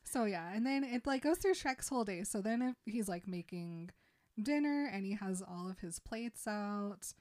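Brief: young woman co-host, mid-pitched, loose storyteller who leans on "like" and giggles. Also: normal speed. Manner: relaxed storytelling with many "like" fillers, giggles. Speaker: podcast co-host. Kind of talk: casual chat retelling a story.

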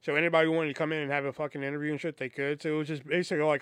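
A man with a fairly high voice tells a casual story as a podcast host. He rambles, swears freely and acts out the people he quotes. The recording is dry and close, with no room sound. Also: level tone, racing, hardly any pauses, fairly bright tone, smooth, no room sound.

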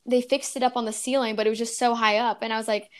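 A woman's voice: fairly high pitch, level tone, fast talker. A young adult woman co-hosting a podcast, telling a rambling story with lots of fillers. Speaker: podcast co-host. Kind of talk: casual chat.

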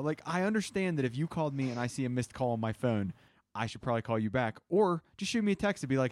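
Speaking at a quick pace in a mid-range voice, with no room sound, a man rambles through stories while hanging out with friends. He's an animated storyteller who imitates the voices of others.

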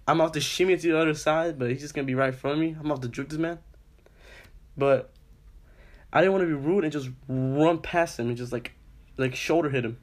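Young man ranting profanely. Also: mid-range voice. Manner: profane, animated storytelling with lots of "I was like". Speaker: podcast co-host. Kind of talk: casual chat, storytelling.

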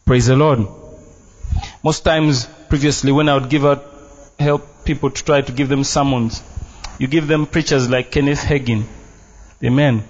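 A man's voice: mid-range voice, fairly even intonation, moderate pace, long pauses. A man preaching a sermon as pastor in a church, emphatic and playful, dropping Luganda phrases into his English. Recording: dull, muffled sound.

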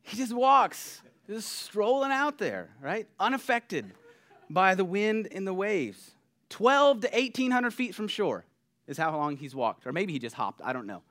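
Animated, conversational male preacher. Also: high voice, a little slow. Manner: conversational, animated, keeps asking "right?". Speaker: pastor. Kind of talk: sermon.

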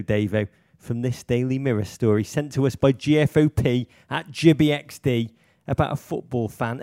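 A man's voice: mid-range voice, creaky, dark tone, dry recording, studio quality. A British man co-hosting a comic podcast, talking in grandiose, theatrical phrases. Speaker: podcast co-host.

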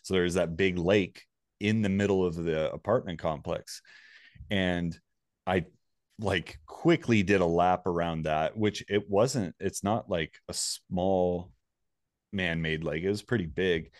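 A man's voice: deep voice, a little slow, dry recording, studio quality. A man casually telling a personal story, rambling and swearing freely.

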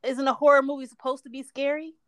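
A woman with a high, bright voice chats casually with her co-host. She laughs a lot and teases playfully. The recording is close and dry, with no room sound. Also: level tone, quick pace, no room sound. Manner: laughs often, playful teasing. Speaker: podcast co-host. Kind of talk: casual chat.

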